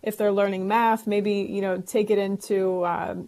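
A woman's voice: medium pitch, little pitch movement, normal speed, darkish tone. A woman co-hosting a call-in advice show, talking earnestly and reassuringly with frequent restarts. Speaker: co-host. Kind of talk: casual advice talk.

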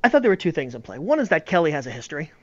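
A man's voice: a little high, very animated, racing. A man talking baseball in a casual, emphatic and opinionated way. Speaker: baseball analyst. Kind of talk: casual sports talk. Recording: slightly dull lo-fi audio.

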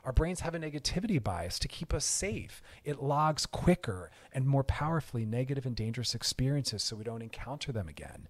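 A man's voice: mid-range voice, expressive, brisk, few pauses, dry recording. A man hosting a podcast, answering listener messages in an earnest, emphatic, explanatory way and repeating his key points. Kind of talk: casual explanatory talk.

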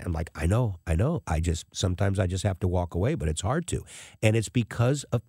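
A male radio host with a lowish voice talks through a story on air, his pitch rising and falling widely as he acts out the people in it. The sound is dry and close, with no room echo. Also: brisk, breathy edge. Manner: animated storyteller who acts out the people he quotes. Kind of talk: talk radio monologue.

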